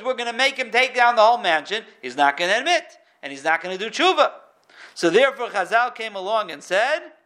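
High, bright-voiced man teaching Talmud. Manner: reads Hebrew text then explains in casual English. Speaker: Torah teacher. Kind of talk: Talmud lesson, reading and translating.

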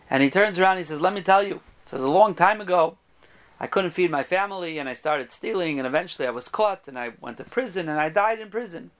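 High-voiced man telling a parable. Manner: animated storyteller, voices the characters. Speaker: rabbi giving a Torah talk. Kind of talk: storytelling sermon.

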